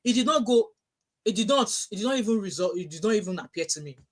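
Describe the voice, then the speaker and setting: A middle-aged woman with a Nigerian accent, chatting casually on a livestream, telling animated stories and reading out viewer comments. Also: mid-range voice, quick pace. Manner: animated storytelling with frequent restarts, reads out chat messages.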